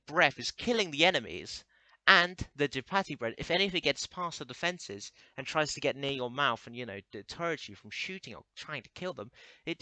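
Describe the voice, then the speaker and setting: A man's voice: fairly high pitch, bright, forceful tone, dry recording. A young man rambling through a crude comedic monologue, stammering and restarting often.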